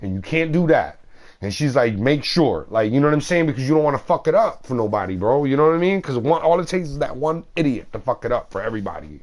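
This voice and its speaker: A man's voice: mid-range voice, very animated, fast talker, few pauses, a little mellow. A man streaming a game, chatting casually in a slangy, rambling way and swearing freely. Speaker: gaming streamer.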